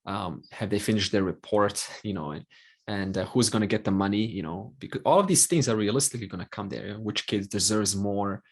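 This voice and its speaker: Brief: male teacher, lower voice, calm explanatory class delivery. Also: a little fast. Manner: calm explanatory, many fillers. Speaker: Vedanta teacher.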